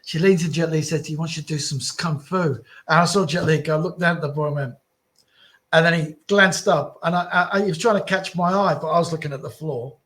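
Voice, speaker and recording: Lively man telling stories. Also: on the high side, fast. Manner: animated, repeats phrases, slangy. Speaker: guest telling his story. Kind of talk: casual storytelling.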